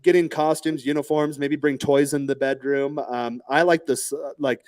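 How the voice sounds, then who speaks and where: A man's voice: mid-range voice, fairly even intonation, normal speed, darkish tone, no room sound. A man hosting a casual podcast chat, rambling with many fillers and restarts. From United States.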